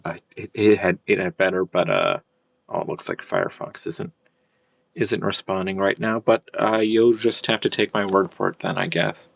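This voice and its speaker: A man teaching an old language, thinking aloud, with many fillers and restarts and slow word-by-word reading. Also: sits low, animated, gravelly. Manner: reads old-language text slowly, word by word. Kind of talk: casual screen-share lesson.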